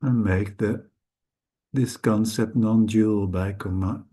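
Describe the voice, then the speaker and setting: A man whose first language is Dutch, teaching Sanskrit letters in a slow, careful lesson, hesitant and correcting himself often. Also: lowish voice, steady tone, mellow, breathy edge. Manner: hesitant, halting, with frequent self-corrections.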